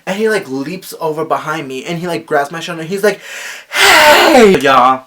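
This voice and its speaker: A young man telling a story casually, animated and gossipy, filling his talk with "like" and acting out the quotes loudly. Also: fast. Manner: animated, acts out quotes with sharp jumps in pitch and volume; gossipy, frequent "like" fillers. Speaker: vlogger.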